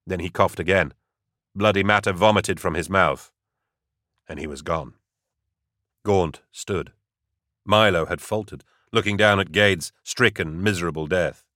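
A man narrating an audiobook in a steady, dramatic way. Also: low voice, unhurried, long pauses, no room sound, clean studio sound.

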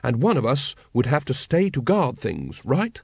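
A man's voice: medium pitch, sing-song, normal speed, gravelly, darkish tone, husky, dry recording, clean studio sound, heavily acted. A man voicing a zealous, earnest young recruit who takes everything literally.

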